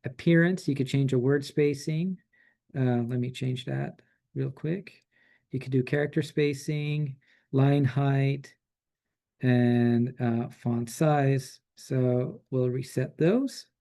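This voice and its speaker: Man casually demoing software features. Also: medium pitch, slow pace, vocal fry. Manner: relaxed, chatty, many fillers and restarts. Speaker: presenter demonstrating software.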